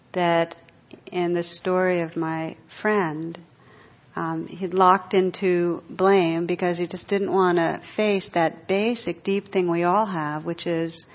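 A woman teacher gives a dharma talk to a live audience. She speaks in a lowish voice, reflective and full of pauses, and chuckles at her own jokes. The sound is dull and lo-fi. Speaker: meditation teacher.

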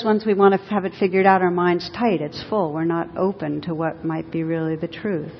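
A woman teacher giving a dharma talk, telling stories gently and with light laughter. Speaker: meditation teacher. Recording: dull lo-fi recording in an echoey hall with faint rumble.

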